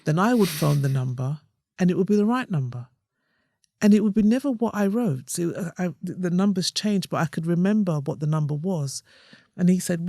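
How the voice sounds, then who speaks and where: A woman guest on a podcast, a comedian and playwright, telling animated stories and acting out what people said. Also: on the low side, a little fast, no room sound, studio quality. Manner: animated storyteller acting out voices. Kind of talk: casual podcast conversation.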